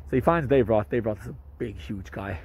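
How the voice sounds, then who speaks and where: Husky-voiced rabbi telling a story. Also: male voice, a little fast, rough recording. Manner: animated, jumps up in pitch for quoted speech; hesitant restarts with many fillers. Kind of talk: storytelling to camera.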